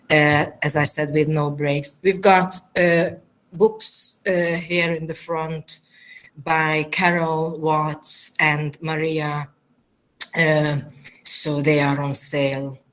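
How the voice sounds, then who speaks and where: A woman's voice: low-pitched, a bit bright. A woman hosting a poetry reading in a university lecture theatre, introducing the readers with many fillers and restarts. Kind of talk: live event introduction.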